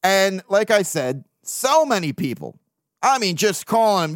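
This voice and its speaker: A man's voice: sits high, sing-song, measured pace, no room sound, clean studio sound. A man hosting a sports podcast, venting bluntly and profanely in casual talk. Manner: blunt, profane, venting, with mocking put-on quotes. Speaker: podcast host.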